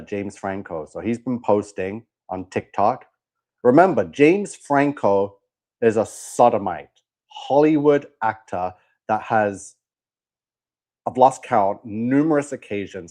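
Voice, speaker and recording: A man's voice: lowish voice, a little mellow. A man hosting a religious commentary show, talking emphatically with scorn and repeated warnings. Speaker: host of a religious commentary channel. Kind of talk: preachy commentary.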